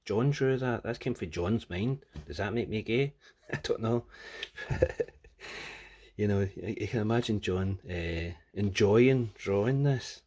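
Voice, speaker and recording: Man, comic review vlog, rambling, crude jokes, husky voice. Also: on the low side, a little mellow.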